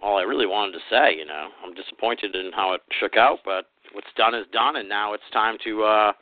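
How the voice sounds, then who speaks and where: A man's voice: fairly low pitch, brisk, no echo. A man hosting a podcast, chatting casually and reading out listener questions with plenty of fillers. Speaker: podcast host. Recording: tinny phone-line sound, dry.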